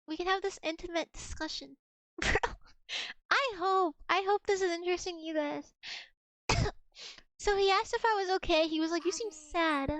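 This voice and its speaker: A young woman streaming, chatting in a giggly, mock-dramatic way. Her voice sits very high, and the sound is dry and close with no room around it. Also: moderate pace, fairly bright tone, no room sound. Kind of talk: casual chat reading old messages to chat.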